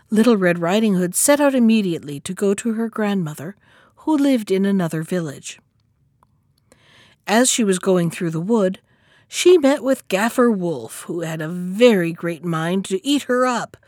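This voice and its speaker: A woman narrating a fairy tale in scripted storybook narration, expressive and measured. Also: medium pitch, no echo, clean studio sound. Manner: expressive, measured reading aloud.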